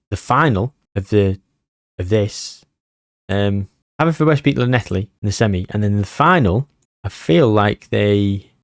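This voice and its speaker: A man chats through his football management save in a loose, joking way, full of puns and self-deprecating asides. His voice sits a little low. The recording is close and dry, with no room sound. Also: a little mellow, dry recording. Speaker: gaming YouTuber. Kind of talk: casual game commentary.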